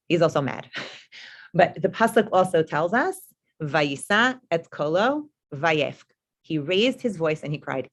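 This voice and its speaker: A woman giving an informal, conversational Torah class, explaining verses with frequent asides and fillers. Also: lowish voice. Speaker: Torah teacher.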